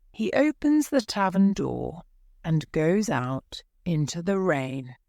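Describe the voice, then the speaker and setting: A woman narrating a graded-reader story with slow, careful reading. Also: on the low side, very animated, creaky, mellow, no room sound, clean studio sound.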